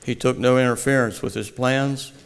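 A man reading a devotional story aloud in a slow, earnest storytelling manner. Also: mid-range voice, steady tone, smooth. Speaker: narrator. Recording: long hall reverb.

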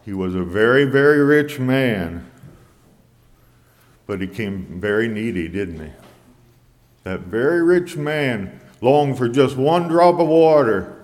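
A man preaching a sermon in a measured way, quoting scripture in old English. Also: medium pitch, animated, in a large hall.

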